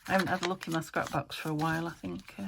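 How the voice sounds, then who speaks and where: A British woman hosting a crafting vlog from an upstairs room at home, rambling and talking to herself as she works, often trailing into soft murmurs. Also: deep voice, fairly even intonation, rapid-fire, creaky. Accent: British English. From United Kingdom. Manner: rambling, talks to herself while working, drops into soft murmurs. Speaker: crafting channel host. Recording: home recording with noticeable background noise.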